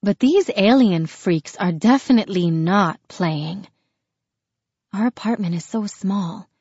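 A woman's voice: mid-range voice, takes it slowly, a little mellow, husky, no echo, dull audio. Woman narrating a tense audiobook. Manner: tense, dramatic storytelling. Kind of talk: first-person audiobook narration.

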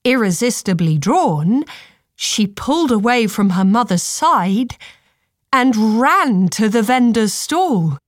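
A woman narrating a storybook in a calm, measured reading voice. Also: a little high, no room sound, studio quality.

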